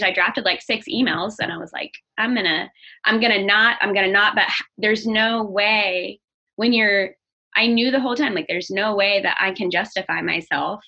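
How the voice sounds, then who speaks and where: Bright, husky-voiced woman, candid talk. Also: medium pitch. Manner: earnest, open, grows animated when talking about anger. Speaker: guest. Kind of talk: candid personal conversation. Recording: dull lo-fi audio.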